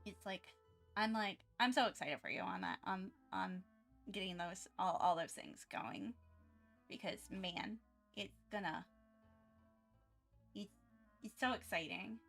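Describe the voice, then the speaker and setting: A young woman chatting casually on her art livestream, excitable and rambling with lots of fillers as she gushes thanks. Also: mid-range voice, measured pace, gravelly, long pauses, faint music behind. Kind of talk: casual live-stream chat.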